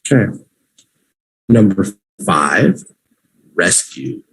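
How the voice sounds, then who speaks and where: Slow, husky male English teacher. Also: sits low, animated, a bit bright. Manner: slow, drawn-out repetition for learners. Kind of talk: livestream vocabulary lesson.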